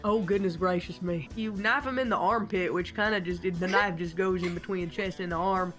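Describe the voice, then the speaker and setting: A woman narrating a tabletop game as game master, in an animated way and often laughing. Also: lowish voice, moderate pace, soft background music.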